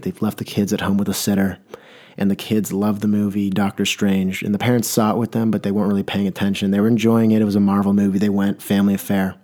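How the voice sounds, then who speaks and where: A man's voice: on the low side, mellow. A man hosting an episode, telling a rambling comic story with wry asides. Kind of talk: comedic monologue.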